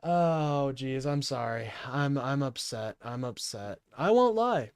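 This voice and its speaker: A man's voice: mid-range voice, lively intonation, slow pace, clean tone, no echo, studio quality. A man hosting a livestream, ranting in an agitated, profane way and apologizing often.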